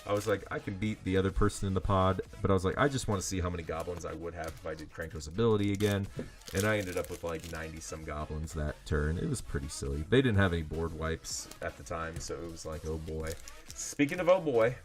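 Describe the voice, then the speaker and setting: A man's voice: low-pitched, fairly even intonation, quick pace, soft background music. A man selling trading cards on a livestream in casual, rambling chat full of fillers. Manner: rambling and chatty, heavy on fillers. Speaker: livestream card seller.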